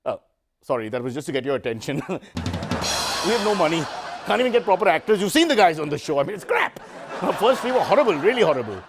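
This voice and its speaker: Sarcastic comedy host. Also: male voice, fairly high pitch, big pitch swings, quick pace, noisy background. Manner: sarcastic, self-mocking, rambling asides. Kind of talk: satirical news comedy.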